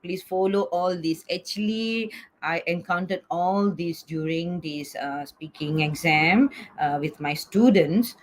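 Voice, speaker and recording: Her voice is lowish and unhurried. She's a middle-aged woman giving an online lecture over a video call, coaxing her class along and repeating "okay?" after almost every point she makes.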